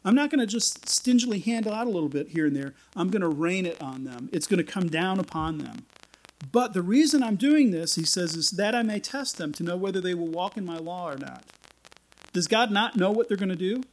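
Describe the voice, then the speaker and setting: A man's voice: sits high, animated, a little fast, low-quality recording. A man giving a casual, conversational sermon, retelling scripture in everyday language with frequent restarts and playful asides. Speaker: preacher.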